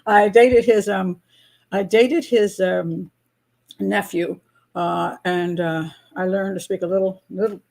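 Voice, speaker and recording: Older woman host, gravelly, rambling chatty talk with frequent laughs, mid pitch. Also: steady tone, slow pace, darkish tone. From United States. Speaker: host of a live patron hangout. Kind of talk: casual live-stream chat.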